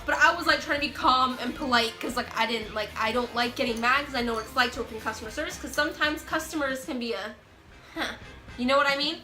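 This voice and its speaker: A young woman telling a storytime vlog in an animated, excitable, self-mocking way. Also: high-pitched, fast talker, roomy sound, music in the background. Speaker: vlogger.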